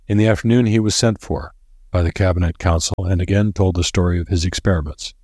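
A man narrating a novel in a measured, dramatic storytelling manner. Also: sits low, fairly even intonation, darkish tone, dry recording, clean studio sound. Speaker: audiobook narrator.

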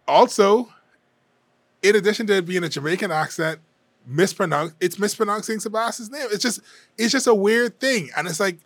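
A man giving his frank, conversational take on an election campaign, often hedging and pausing to think. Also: sits high, a bit bright, no room sound. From Bahamas. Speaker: political commentator. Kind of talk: casual opinion monologue.

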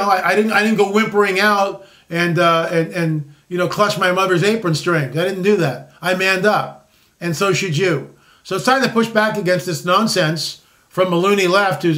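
A commentary-show host in his sixties speaks in a high, slightly bright voice. His casual, opinionated remarks are rambling and emphatic, with many restarts, repeated words, and disclaimers.

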